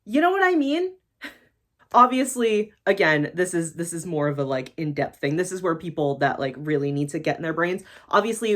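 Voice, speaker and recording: A woman from the United States talking casually and bluntly to her camera, swearing freely in a vlog rant. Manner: blunt, swearing, animated swings in pitch. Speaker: YouTuber.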